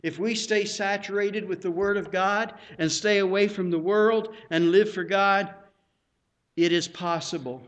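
A man's voice: on the high side, a bit bright. A man preaching a sermon, earnest and emphatic, drawing out his phrases.

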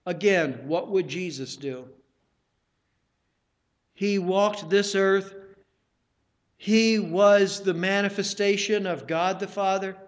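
A man with a fairly high voice delivers a sermon at an unhurried, measured pace. He presses his listeners with direct questions and circles back over key phrases to drive them home. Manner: deliberate, repeats phrases for emphasis; exhorting the congregation with questions. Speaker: preacher.

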